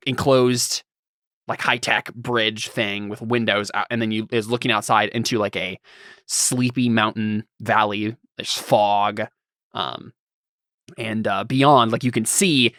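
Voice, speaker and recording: A man's voice: medium pitch, fairly bright tone, no room sound, studio quality. A man narrating as game master for a tabletop game, rambling and searching for words as he describes the scene.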